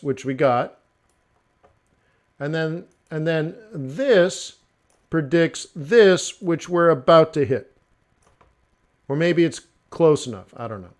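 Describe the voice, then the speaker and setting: A man hosting a casual forex trading live stream, talking through charts in a joking, animated way. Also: a little high. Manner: chatty, joking, animated asides with mock voices.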